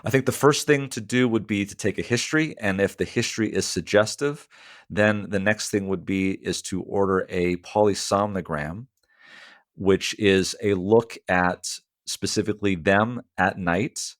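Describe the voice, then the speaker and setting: A man's voice: on the low side, a little slow, no echo, clean studio sound. A man, a sleep medicine doctor, explaining clinical matters in a radio interview, with frequent fillers.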